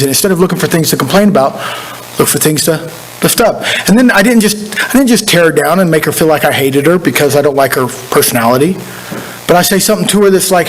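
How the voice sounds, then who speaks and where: Man, pastor, folksy sermon, high voice, faint hiss behind. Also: expressive, fast, rough recording. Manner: folksy, conversational preaching with repeated phrases. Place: church sanctuary.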